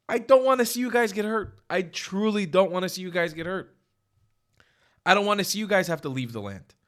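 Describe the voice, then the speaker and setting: A man hosting a reaction vlog, talking bluntly with lots of swearing and emphasis, swinging from loud outbursts to quiet asides. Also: mid-range voice. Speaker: reaction video host. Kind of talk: casual opinionated commentary. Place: lives in Israel.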